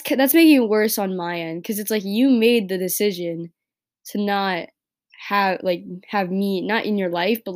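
A teenage girl from New York talking through her breakup on her own podcast, rambling and filling every pause with "like" and "right?". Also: medium pitch, vocal fry. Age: teens. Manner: rambling, heavy use of "like" and "right?". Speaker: podcast host. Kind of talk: casual personal podcast monologue.

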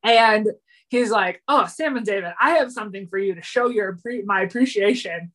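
A woman co-hosting a podcast, retelling a TV episode in an animated, chatty way and slipping into the characters' lines. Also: medium pitch, normal speed. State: yawning, a little tired. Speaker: podcast co-host. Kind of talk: casual chat recapping a TV episode.

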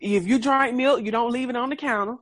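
A woman's voice: fairly high pitch, brisk, a bit bright, dry recording. A woman co-hosting a casual chat, speaking frankly, swearing freely and laughing often.

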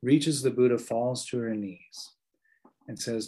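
A male meditation teacher giving an earnest, gentle talk and telling a traditional story, his phrases often trailing off softly. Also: medium pitch, slow pace, slightly rough, poor audio.

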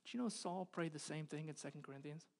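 A man in his thirties, a pastor preaching a sermon in a church, moving from loud pleading to hushed intensity. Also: on the high side, fast talker. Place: church hall.

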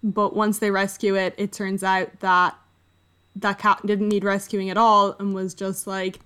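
A woman's voice: medium pitch, little pitch movement, unhurried, sharp tone, clean tone. Chatty woman retelling a book plot. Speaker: podcast co-host. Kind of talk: casual book discussion.

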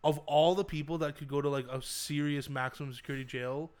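A man's voice: on the high side, fairly even intonation, fairly quick, clear, resonant tone. A young man hosting a casual, crude podcast chat, joking and laughing often. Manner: joking, laughs a lot, profane. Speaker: podcast host.

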